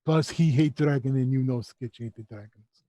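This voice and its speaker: A man doing a broken-talking creature, raised and loud. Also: medium pitch, no echo, natural voice. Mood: cheerful. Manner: broken grammar, slow, raised and louder. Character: broken-talking goblin-like male creature Skitch.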